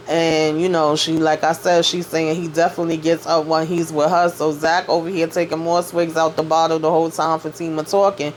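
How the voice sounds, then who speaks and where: A woman's voice: deep voice, flat delivery, normal speed, a little hiss or hum. A woman doing a casual spoken recap of a TV episode, retelling scenes by quoting the characters in a loose, chatty way with lots of "you know what I'm saying.". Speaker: TV recap vlogger.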